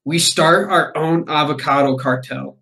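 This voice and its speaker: Man, casual podcast chat, somewhat high voice, joking, swears freely. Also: unhurried, creaky, sharp tone. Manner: joking, pitches wild schemes, swears casually. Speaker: podcast co-host.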